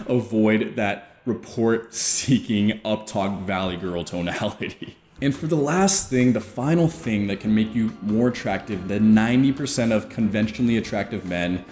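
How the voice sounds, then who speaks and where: A man talks straight to camera in an informal, joking vlog style. His voice sits a little low and sounds mellow rather than bright. The room is echoey, and faint music plays underneath. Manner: chatty and informal, joking asides. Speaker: video host. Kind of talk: casual explainer vlog with a sponsor read. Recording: roomy echo with faint music.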